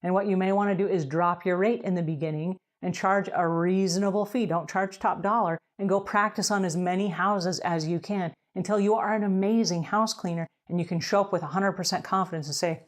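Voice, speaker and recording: A woman's voice: lowish voice, fairly even intonation, a little fast, hardly any pauses. A woman giving emphatic, direct advice to house cleaners as a business coach in an advice talk.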